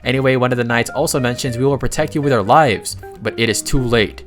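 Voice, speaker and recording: A man's voice: mid-range voice, quick pace, faint music behind. A man narrating a casual recap of a comic story, reading the characters' lines in his own voice and adding chatty asides.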